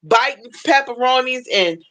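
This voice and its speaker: A woman hosting a casual livestream chat, telling animated stories and acting out the people she quotes. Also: normal speed, rough recording. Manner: animated storyteller, acts out quoted voices with high pitch. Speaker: livestream host. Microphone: phone livestream.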